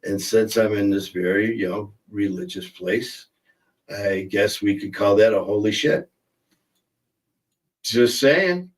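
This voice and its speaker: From inside a car, a man hosts a casual livestream, joking and rambling while reading out viewer comments. His voice sits on the low side and moves a little slowly, and the low-quality recording places him far from the mic.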